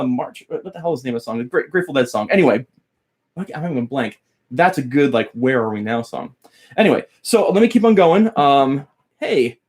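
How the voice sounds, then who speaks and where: A man teaches guitar on a casual live stream, rambling, losing his train of thought, and greeting chat viewers by name as he teaches. His voice is medium-pitched with a darkish tone.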